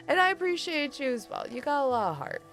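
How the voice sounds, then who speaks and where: A woman's voice: sits high, gravelly, fairly bright tone. A woman streaming a game, chatting casually with her viewers, laughing often and swearing freely. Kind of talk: casual gameplay chat with chat.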